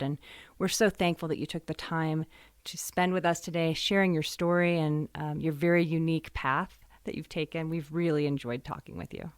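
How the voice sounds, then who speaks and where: A polite, appreciative woman hosts a podcast interview. Her voice is very low, and the recording is dry. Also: no room sound. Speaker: podcast host. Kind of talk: interview questions.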